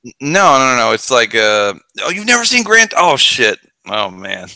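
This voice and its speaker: A man's voice: medium pitch, very animated, moderate pace, sharp tone, no room sound, poor audio. A man co-hosting a casual podcast, animatedly retelling movie scenes and acting out the characters' lines. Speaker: podcast co-host.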